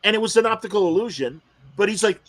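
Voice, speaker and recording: Man, podcast host, slightly high pitch, animated, emotional storyteller, casual chat. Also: quick pace. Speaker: podcast host interviewing comic creators.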